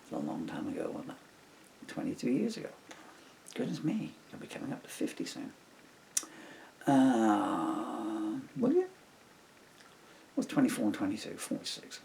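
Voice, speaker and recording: Gravelly man reading a comic story. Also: on the low side, huge pitch swings, measured pace, long pauses, mellow, a little hiss or hum. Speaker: author reading his book.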